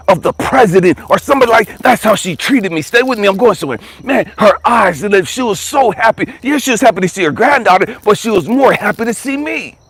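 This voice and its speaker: A man with a slightly high, husky voice tells a personal story in a close, dry recording. He swings between excited high bursts and hushed, whispery lows. He keeps asking his listeners to stay with him. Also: dry recording. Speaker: life coach and motivational speaker.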